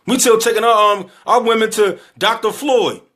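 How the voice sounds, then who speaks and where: A man's voice: high voice, normal speed, fairly bright tone. A tired, emotional man giving an earnest closing appeal to his community, repeating himself and asking pleading questions. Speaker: community speaker appealing for donations. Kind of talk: impassioned closing exhortation.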